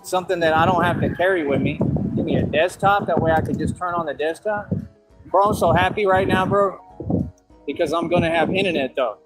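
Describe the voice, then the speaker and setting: A man's voice: a little high, a little fast, husky, faint music behind, poor audio. A man in a played clip chatting casually and rambling, full of slang and filler words. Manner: rambling, slangy, says "like" and "bro" a lot.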